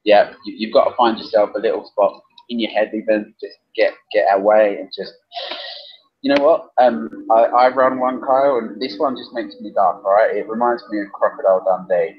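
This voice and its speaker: A man's voice: lowish voice, steady tone, moderate pace, highs cut off. A man co-hosting a casual webcast chat, blunt and jokey, laughing often. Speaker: co-host, coach.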